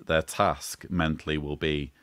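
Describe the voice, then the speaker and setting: A man's voice: rumbling low, fairly even intonation, a little slow, fairly bright tone, dry recording. A man hosting a livestream panel chat, reading viewer comments aloud and answering them with dry quips. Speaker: panel host.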